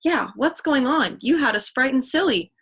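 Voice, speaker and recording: A woman reading the part of a lively teenage girl who talks in a quick, excitable way. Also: medium pitch, natural voice. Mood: alarmed.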